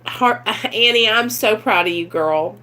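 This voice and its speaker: A woman's voice: mid-range voice, a little slow, pushed and bright. A woman vlogging in a casual, emotional chat to camera, close to tears, gushing and rambling with many fillers, with a Midwestern American accent. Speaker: vlogger in recovery.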